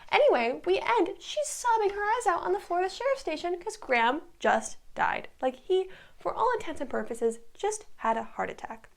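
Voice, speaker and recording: A woman's voice: very high-pitched, sing-song, normal speed, vocal fry. A woman in her twenties recapping a TV show in a casual, rambling way, full of likes and ums. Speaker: recap vlogger.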